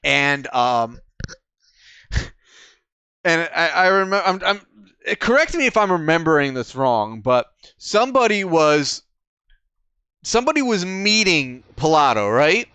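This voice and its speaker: A man's voice: on the high side, sing-song, a little slow, pauses often, bright, forceful tone, clean tone, no room sound. A man co-hosting a podcast, telling stories in casual chat, swearing now and then and restarting his sentences. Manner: storytelling, profane, many restarts. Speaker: podcast co-host.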